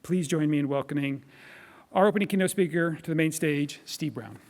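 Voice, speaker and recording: A man hosting a conference who reads out a measured introduction of the keynote speaker. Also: on the high side, vocal fry, noisy background. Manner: measured, reading from notes. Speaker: event host introducing the keynote. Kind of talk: read introduction. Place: large conference hall. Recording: hall reverb.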